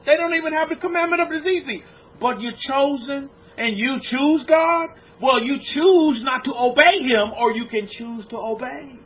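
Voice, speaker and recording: A man preaching a lecture-style sermon as a rabbi to his congregation, firing off rhetorical questions and swinging from loud exclamations to low, hushed lines. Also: normal speed. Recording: dull lo-fi recording.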